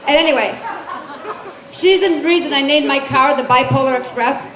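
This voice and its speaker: Brassy high-voiced woman doing stand-up. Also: normal speed. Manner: brassy, chatty, quizzes the crowd. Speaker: stand-up comic. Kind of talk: stand-up comedy set. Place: comedy club stage. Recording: echoey club with crowd noise. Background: crowd laughter and room noise.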